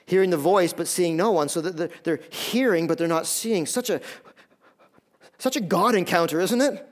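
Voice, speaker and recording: High-voiced emphatic preacher man. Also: normal speed. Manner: emphatic, repeats words when starting phrases. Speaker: pastor. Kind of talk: sermon.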